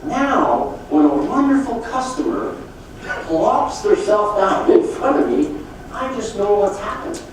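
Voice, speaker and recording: A middle-aged man giving a motivational sales talk at a conference, telling folksy, animated stories. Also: very high-pitched, unhurried. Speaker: sales trainer speaking at a conference. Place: conference hall. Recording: echoey hall from far off with faint noise.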